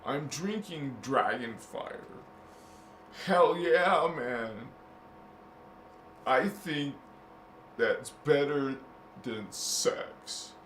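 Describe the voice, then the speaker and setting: A man's voice: medium pitch, animated, very slow, long pauses, fairly bright tone. A man hosting a spiritual video channel, talking in a casual, joking way with crude slang and laughing at his own jokes. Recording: roomy echo with faint noise.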